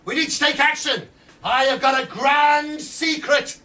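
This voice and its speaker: Scheming male plotter, high and loud, pushing weapons on people, as a storyteller puts him on; distant mic, faint room hum. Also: measured pace, full character voice. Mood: conspiratorial.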